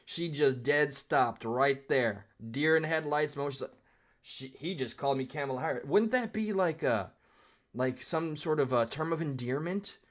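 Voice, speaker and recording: A man's voice: fairly high pitch, a little slow. A male streamer giving live commentary on a clip in a rambling, reflective style, with casual swearing.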